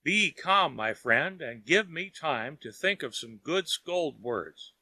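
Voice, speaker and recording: A man's voice: a little high, very animated, slow pace, bright, forceful tone, dry recording, full character voice. A man playing a mild, teasing neighbor. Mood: calm. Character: calm, kindly neighbor man, mocking and laughing.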